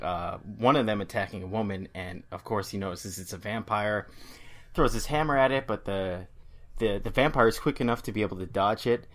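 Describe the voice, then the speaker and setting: A man co-hosting a casual comic book podcast, recapping plots with quick character impressions. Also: lowish voice, fairly bright tone. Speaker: podcast co-host.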